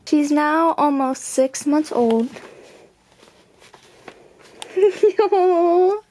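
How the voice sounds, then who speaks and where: A woman's voice: high-pitched, lively intonation, extremely slow, pauses often, warm tone. A woman filming her kitten at home, talking to it in gushing baby talk and laughing often. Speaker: pet owner vlogger. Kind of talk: casual home video narration.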